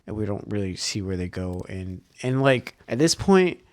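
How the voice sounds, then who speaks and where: A man's voice: on the low side, sing-song, normal speed, a little mellow, no echo. A man casually recapping and reviewing a horror movie, rambling with many fillers and repeated words, swearing freely.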